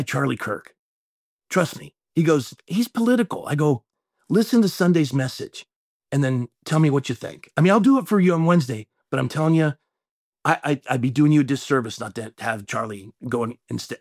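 A man's voice: medium pitch, no echo, studio quality. A man who is a pastor, telling a long story in an interview, rambling with many restarts and folksy sayings. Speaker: pastor and mayor.

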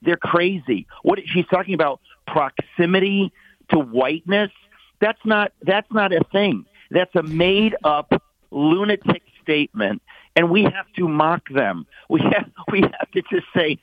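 A man in his sixties, a guest talking with forceful, mocking scorn. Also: fairly high pitch, expressive, unhurried, dry recording. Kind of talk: emphatic opinion talk. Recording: tinny phone line.

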